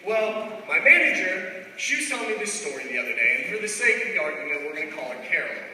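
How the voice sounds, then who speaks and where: Young male stand-up, playful and loud, heard from far off in a big reverberant hall. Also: fairly high pitch, fast. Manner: loud, energetic, playful storytelling. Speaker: stand-up comedian. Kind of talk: stand-up comedy set. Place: large echoey hall. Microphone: far room mic. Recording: echoey hall from far off, faint noise.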